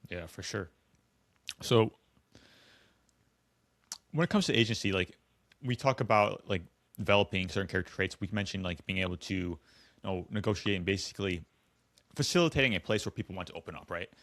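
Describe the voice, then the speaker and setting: A man's voice: sits low, fairly quick, long pauses, a bit bright, no echo. A man hosting a podcast interview, speaking casually and hesitantly with many fillers. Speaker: podcast host.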